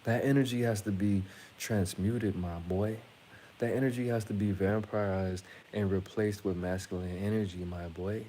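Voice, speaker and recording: A man with a lowish voice rambles through a casual monologue to his viewers. He is blunt and profane, and he often stops and restarts his sentences. A faint hiss sits under his voice. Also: fairly even intonation, moderate pace, mellow. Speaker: channel host.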